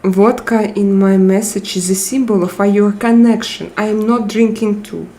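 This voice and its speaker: A woman's voice: medium pitch, fairly even intonation, moderate pace, mellow. A woman hosting a live chat, reading viewer messages and teasing them in a playful, giggly way.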